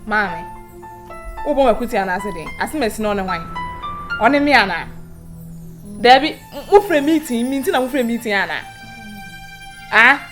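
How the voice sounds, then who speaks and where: A woman's voice: on the high side, animated, moderate pace, pauses often, a bit bright, faint music behind. An actress playing an upset woman who demands answers. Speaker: film character.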